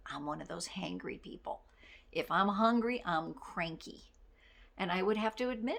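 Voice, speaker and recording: A middle-aged woman giving a casual motivational talk as a life coach, candid and self-deprecating, with quick laughs. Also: on the low side, expressive, creaky, fairly bright tone.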